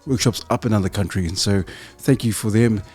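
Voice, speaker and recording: Man, lowish voice, podcast host, earnest, rambling questions. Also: fairly quick, darkish tone, husky. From New Zealand. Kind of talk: interview questions.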